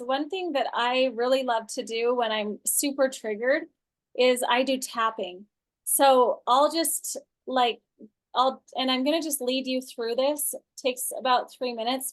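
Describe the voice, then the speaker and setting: A fairly high-voiced woman coaches a small online group over a video call. Her talk is loose and chatty, and she restarts sentences and fills gaps with "like" and "um" as she teaches. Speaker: women's coach leading an online class.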